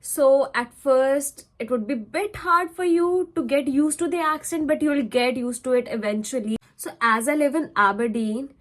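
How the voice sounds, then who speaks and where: A woman's voice: high-pitched, moderate pace, hardly any pauses. A young woman with an Indian English accent gives chatty, step-by-step advice to students in a casual vlog, now and then switching into Hindi. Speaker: vlogger, international student.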